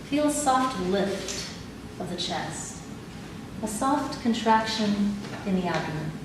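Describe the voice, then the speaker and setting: A woman leading a live audience through body exercises in a calm, instructive way, laughing easily. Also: mid-range voice, takes it slowly. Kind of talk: live talk with guided exercises. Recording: echoey hall, mic at a distance, audible background noise.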